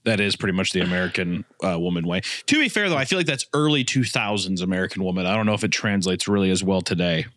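A man's voice: low-pitched, lively intonation, fast, few pauses, a bit bright, dry recording. A man co-hosting a podcast, rambling with restarts and crude jokes among friends. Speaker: podcast co-host. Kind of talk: casual banter.

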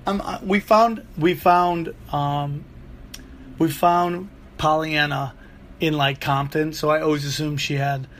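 Forties comic host, high and bright voice, profane and animated storytelling. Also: male voice, takes it slowly, slight background noise. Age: 40s. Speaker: comedian podcast host. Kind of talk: solo comedic rant.

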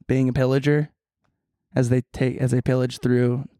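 A man's voice: mid-range voice, little pitch movement, moderate pace, dark tone, dry recording, clean studio sound. A man co-hosting a casual podcast, joking around in goofy banter. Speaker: podcast co-host. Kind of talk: casual chat.

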